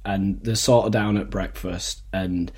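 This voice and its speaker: A man, chatting casually as a podcast co-host and telling animated stories. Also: low voice, a little slow, breathy edge. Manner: animated storyteller, acts out quoted voices. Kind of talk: casual chat.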